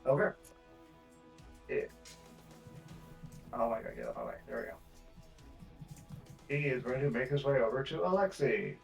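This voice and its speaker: A man's voice: mid-range voice, animated, measured pace, gravelly, long pauses. A man narrating as game master of a tabletop game, describing scenes and chuckling as he goes. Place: home streaming setup. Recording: roomy distant mic with faint music.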